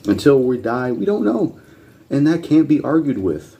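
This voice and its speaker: A channel host reacting to videos rants bluntly, his medium-pitched voice creaky, dark, and very animated at a moderate pace. Combative and profane, he swears heavily and insistently repeats his points.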